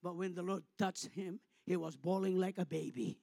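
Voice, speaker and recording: Filipino-accented male pastor, high voice, gravelly edge, impassioned sermon delivery, loud swells and soft drops. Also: normal speed, no echo. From Philippines.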